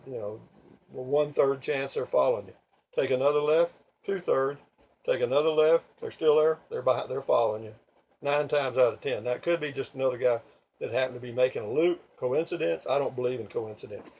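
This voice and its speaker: An older man spins a rambling, folksy story straight to camera, cursing freely and wandering off on asides. His pitch sits in the middle for a man. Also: a little mellow. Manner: folksy, profane, digressive. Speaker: vlogger.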